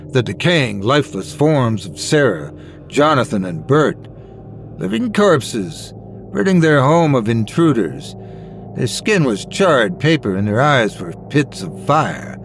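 Male horror storyteller, mid pitch, very expressive delivery, soft music bed. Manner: dramatic, expressive.

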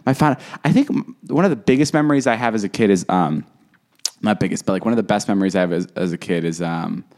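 A man's voice: lowish voice, fast, a little mellow. A man co-hosting a podcast in casual chat, telling rambling stories full of swearing and laughter. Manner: profane, rambling storyteller who laughs often. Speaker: podcast co-host.

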